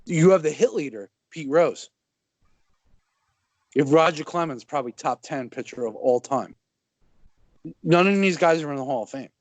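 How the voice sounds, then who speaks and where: A man co-hosting a podcast in casual sports chat, talking in a relaxed, loose way and often chuckling. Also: fairly high pitch, moderate pace, pauses often, no room sound. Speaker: podcast co-host.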